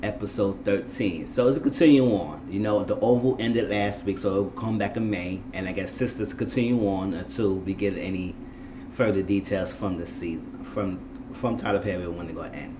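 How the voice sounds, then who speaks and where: A man's voice: sits low, moderate pace, highs cut off, background noise. A man casually recapping and commenting on a TV episode, rambling and repeating himself as he retells it. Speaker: TV episode reviewer.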